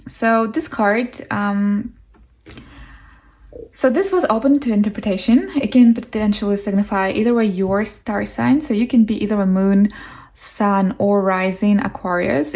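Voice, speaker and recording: A woman's voice: medium pitch, darkish tone. A young woman with a non-native English accent giving a casual pick-a-card tarot reading, musing aloud with fillers and restarts. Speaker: tarot reader.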